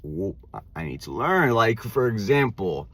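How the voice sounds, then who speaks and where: A man's voice: medium pitch, sing-song, normal speed, fairly bright tone, dry recording. A man who stutters, with repeated words and restarts, talking casually and reflectively to camera as host of his own channel. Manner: casual, says "like" and "dude" often. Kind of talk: reflective self-help monologue.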